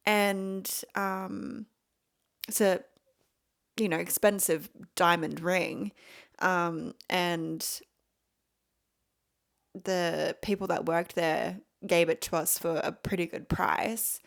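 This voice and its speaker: A woman's voice: fairly low pitch, fairly even intonation, slow pace, gravelly, pauses often. A woman hosting a podcast, telling a personal story in a gushing, emotional way and laughing often. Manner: gushing, repeats words. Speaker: podcast host.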